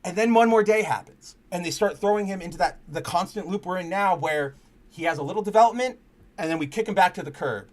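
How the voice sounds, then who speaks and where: A man's voice: high-pitched, fast talker. A man hosting a casual comic book chat stream, rambling with frequent restarts, cursing freely and speaking candidly about personal matters. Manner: earnest and candid when personal. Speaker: podcast host.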